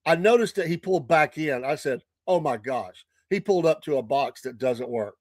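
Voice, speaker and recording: A man's voice: on the high side, expressive, normal speed, no room sound, clean studio sound. An older man with a Southern US accent telling a casual story on his morning show, chatty and laughing often.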